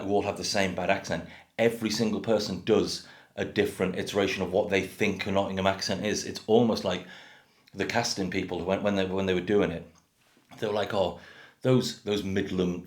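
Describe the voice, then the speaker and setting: Deep-voiced vlogger, thirties, blunt and rambling, echoey room. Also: male voice. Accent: generic English. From North Wales. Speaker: craft beer vlogger. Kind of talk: casual rant to camera.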